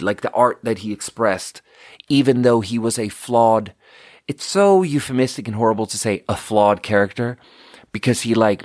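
A man's voice: mid-range voice, dry recording, studio quality. A man talking casually on his podcast, rambling and swearing and often restarting his sentences. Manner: profane, digressive, restarts often.

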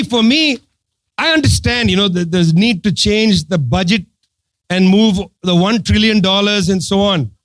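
A man whose voice sits high speaks passionately to an audience about politics, with no echo in the recording. He's emphatic and sarcastic, using repetition to press his points.

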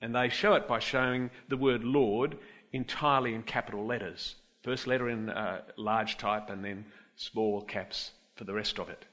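An Australian man preaching a sermon in church, swinging from forceful emphasis to quiet, low stresses. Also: fairly even intonation, normal speed. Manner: emphatic, rises and drops sharply for stress.

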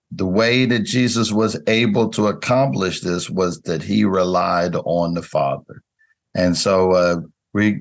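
Slow-talking man leading a Bible lesson. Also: fairly low pitch, creaky. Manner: unhurried, with frequent fillers and restarts. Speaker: Bible study host.

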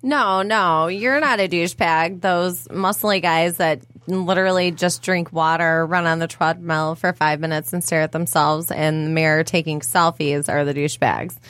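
A woman's voice: on the low side, fairly even intonation, moderate pace, hardly any pauses, fairly bright tone, no room sound. A woman co-hosting a podcast in casual chat, blunt and quizzical.

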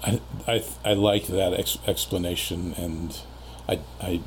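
Deep gravelly man musing halting. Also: fairly even intonation, a little hiss or hum. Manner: reflective, halting with restarts. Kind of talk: casual conversation.

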